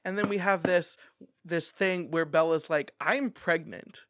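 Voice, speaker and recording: A man with a bright, high-pitched voice gives a casual, rambling book recap full of animated asides. He is recorded close to the mic with a dry sound and no room echo around him. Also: measured pace. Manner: chatty and animated, bursting into laughter. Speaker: book reviewer.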